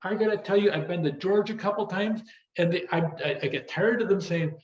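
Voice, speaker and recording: An American man, a business instructor, giving a recorded lecture on strategy in a quick, talkative way, repeating the same phrases. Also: sits high. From United States. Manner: fast-talking, repetitive "as you go through". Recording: roomy, dull lo-fi audio.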